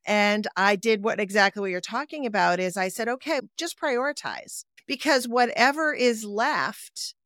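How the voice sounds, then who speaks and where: A woman therapist co-hosting a podcast, speaking in a thoughtful, measured way and often affirming with soft murmurs. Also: mid-range voice, dry recording, clean studio sound. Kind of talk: casual reflective conversation.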